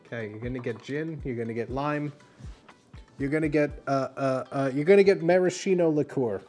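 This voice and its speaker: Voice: medium pitch, brisk, mellow, soft background music. Rambling playful livestream bartender. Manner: rambling and playful, full of fillers. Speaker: streamer playing a bartender. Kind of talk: comedic livestream bartending bit. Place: home streaming setup.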